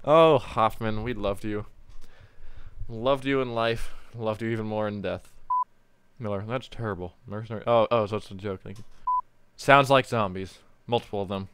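A man recording voice lines at home, rambling jokily between takes and bursting into loud reads. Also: on the low side, a little hiss or hum. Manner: joking, goofy, self-mocking, bursts into loud line reads.

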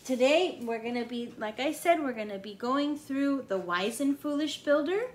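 A woman leading a children's church lesson, reading a storybook in a slow, patient teacher's manner. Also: sits high, animated. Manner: slow, patient, sing-song teacher delivery.

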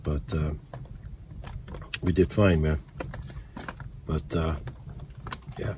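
Older guy, real low voice, rambling laid-back camp vlog in a tent, noisy in the background. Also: very slow. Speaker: outdoors vlogger. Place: canvas teepee tent with wood stove, snowy woods. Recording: outdoor camp recording with steady background noise.

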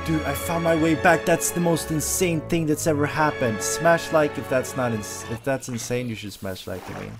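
Excitable gamer commentating his play, very animated delivery. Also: a little high, normal speed, faint music behind. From Sweden. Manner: excitable, jumpy, yelps when startled. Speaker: gameplay commentator.

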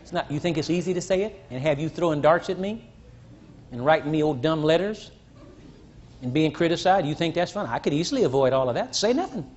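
An older man preaching a sermon to a congregation, teasing and blunt, rising to shouts and dropping low. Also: expressive, fairly quick. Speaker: pastor. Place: church. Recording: dull lo-fi church recording, faint crowd.

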